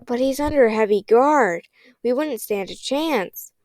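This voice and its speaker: A woman's voice: fairly high pitch, expressive, a little slow, a little mellow, no room sound. A woman reading the part of a nervous, bookish young boy who talks hesitantly. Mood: worried.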